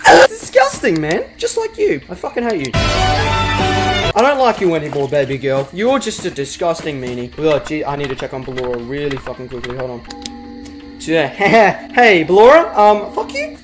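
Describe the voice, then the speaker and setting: A young adult, doing let's play commentary and trash-talking the game in crude, excitable bursts. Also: mid-range voice, normal speed. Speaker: gaming channel host. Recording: game music playing loudly behind.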